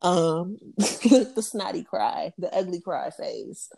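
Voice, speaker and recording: A woman's voice: fairly low pitch, lively intonation, takes it slowly, creaky, warm tone, breathy edge. A woman in her thirties, co-hosting a podcast, chatting candidly and telling stories with lots of laughter and acted-out quotes. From Western Washington. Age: 30s. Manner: chatty storyteller, laughs often, acts out quotes. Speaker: podcast co-host. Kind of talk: candid casual chat.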